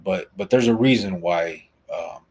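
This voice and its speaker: A man's voice: sits low, unhurried, noisy background. A man hosting a live podcast, talking in a laid-back, rambling way with lots of fillers. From Arizona, US. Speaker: podcast host. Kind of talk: casual live podcast chat.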